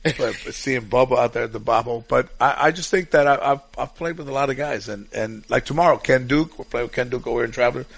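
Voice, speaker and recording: A man with a gravelly, fry-laden voice spins long, rambling anecdotes, circling back and restarting his sentences. He talks in a relaxed, casual way as a guest on a chat show. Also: medium pitch, a little fast.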